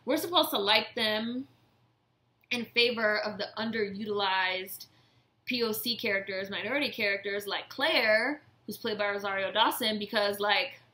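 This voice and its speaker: A woman's voice: mid-range voice, normal speed, bright, forceful tone. A woman vlogger giving a blunt, profane, casual review rant. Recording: echoey room.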